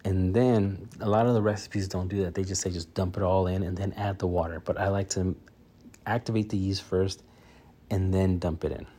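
In a casual solo episode of his own podcast, the host rambles with plenty of fillers and restarts. He has a low, mellow voice with fairly even intonation and a normal speed.

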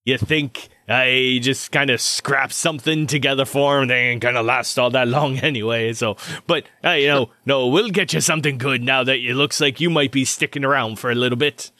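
A man voicing a scruffy, rough-spoken male armorer who jokes and laughs often. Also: mid-range voice, fairly even intonation, normal speed, hardly any pauses, sharp tone, no echo, clean studio sound, close to an everyday voice. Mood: gruff.

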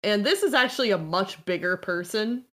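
A woman's voice: medium pitch, animated, moderate pace. A woman narrating a tabletop game as game master, playful and given to laughing.

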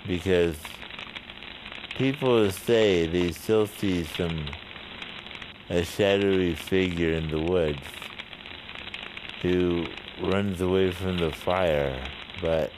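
A man casually telling a story, halting now and then with restarts and asides. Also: deep voice, noisy background.

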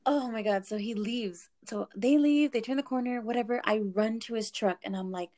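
A woman in her twenties telling a story in casual talk, animated, saying "like" a lot and swearing freely. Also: fairly high pitch, moderate pace.

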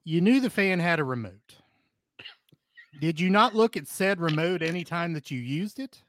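A man hosting a casual talk show, reading posts aloud with lively, animated storytelling. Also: a little high, normal speed, dry recording. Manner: animated storytelling, bursts into laughter. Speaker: podcast host reading stories.

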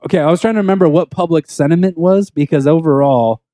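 Young male podcast co-host, relaxed mellow tone, slightly high voice, loose rambling movie chat. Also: fast, no room sound. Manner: rambling, trails off mid-thought.

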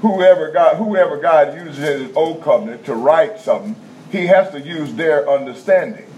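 A man preaching a teaching sermon in a conversational style, checking in with the congregation and repeating key points slowly in vernacular speech. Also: fairly high pitch, a little mellow. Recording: dull lo-fi sound with faint background noise.

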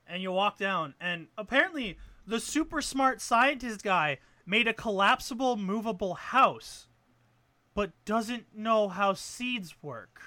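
A speaker with an expressive, mid-range voice and a sharp tone goes off on a video game at a measured pace, with no echo. The rant is casual, sarcastic, and full of swearing, rambling along with frequent restarts out of exasperation.

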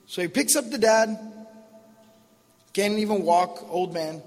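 High-voiced man preaching casually. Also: a little slow, pauses often, in a large hall. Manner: casual, storytelling with slang asides. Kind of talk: sermon.

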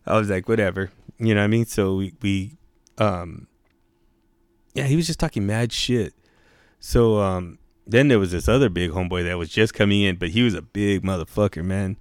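A man with a lowish voice spins a profane, slangy story, pushing his pitch up whenever he quotes someone. The sound is close and dry with no room around it. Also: normal speed, smooth, no room sound. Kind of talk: casual storytelling.

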